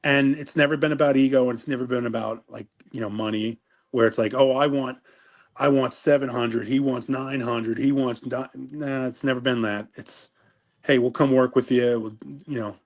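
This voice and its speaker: A man's voice: medium pitch, steady tone, normal speed. A middle-aged man chats casually as an interview guest. He rambles through his stories, doubling back and breaking off his own sentences. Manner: rambling, self-interrupting storyteller. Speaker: interview guest, former wrestler.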